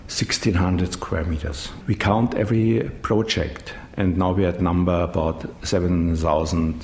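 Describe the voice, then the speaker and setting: A middle-aged man who runs a dubbing studio, speaking English with a German accent in an interview, halting and searching for words. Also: fairly even intonation, a little mellow. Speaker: managing director of a dubbing studio. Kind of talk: interview answers. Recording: echoey room with faint rumble.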